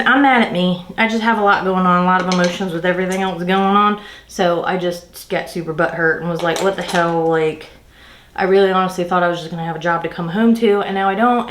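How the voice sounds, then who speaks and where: Fast and medium-pitched, a beauty vlogger talks in a roomy space over a noisy background. She does her makeup during a casual storytime, exasperatedly ranting through an animated retelling of a work story.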